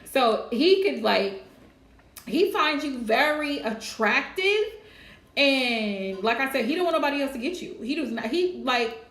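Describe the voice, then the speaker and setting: A woman's voice: sits high, animated, measured pace, a bit bright, roomy sound. A woman doing a live tarot reading, chatty and casual, laughing often. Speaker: tarot reader.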